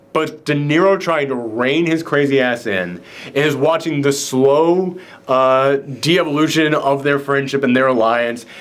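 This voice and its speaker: A man hosting a casual movie reaction chat, enthusiastic and rambling, with lots of fillers and restarts. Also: fairly high pitch. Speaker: film review show host.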